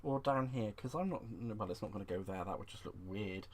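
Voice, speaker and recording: A man hosts a live crafting stream from home, chatting to viewers through a desk microphone as he works at a desk. His voice is on the low side and brisk, with slight background noise, and he's bubbly and excitable, giggling often and using fond terms like "sweetheart."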